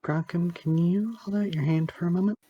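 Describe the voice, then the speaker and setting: A man playing a tabletop game, arguing the rules with a halting, filler-heavy delivery. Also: sits high, fairly even intonation, husky, no echo, dull audio. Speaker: player.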